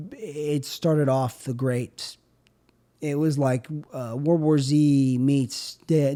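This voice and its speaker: A young man hosts a solo podcast, riffing on absurd bits in a rambling, offhand deadpan, his pitch and loudness drifting as he goes.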